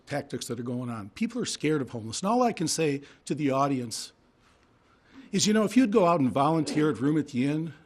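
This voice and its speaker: A man speaks at a podium microphone in a public hearing room. His voice is hoarse and husky from a voice that is giving out. He argues with emphatic, indignant force and piles up rhetorical questions. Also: fairly high pitch.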